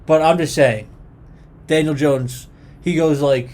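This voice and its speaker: A man's voice: on the high side, slow pace. Young man in casual banter. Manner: joking, animated banter. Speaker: podcast co-host. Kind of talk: casual sports chat.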